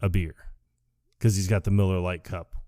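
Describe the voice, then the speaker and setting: Casual male podcast co-host, slightly low voice, dry close mic, lively retelling. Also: normal speed, dry recording. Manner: animated, acts out quoted lines with laughter. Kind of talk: casual chat about a film.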